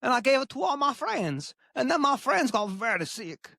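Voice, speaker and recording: A woman voicing a grumpy, greedy male chef who talks deadpan in broken grammar. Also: moderate pace, gravelly, no room sound, studio quality, full character voice. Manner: deadpan, broken grammar, wild pitch swings. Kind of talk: improvised comedy bit.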